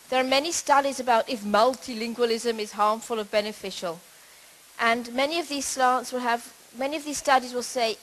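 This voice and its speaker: A middle-aged woman gives a lecture at a conference, her voice sitting a little high. She explains points in a measured, steady way, now and then restarting a phrase. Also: a little hiss or hum, poor audio. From Britain. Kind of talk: conference talk on language.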